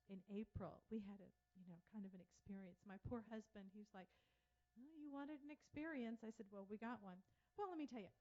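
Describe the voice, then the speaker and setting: A woman giving a casual talk to an audience, telling anecdotes in a chatty way and acting out what others said. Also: mid-range voice. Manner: chatty storyteller, animated quoting of others. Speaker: speaker at a public talk. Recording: dull lo-fi sound.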